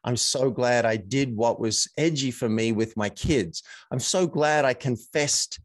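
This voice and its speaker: A man, a coach and actor, telling stories as a podcast guest in a measured, reflective way. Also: medium pitch, no echo. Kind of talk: casual interview chat.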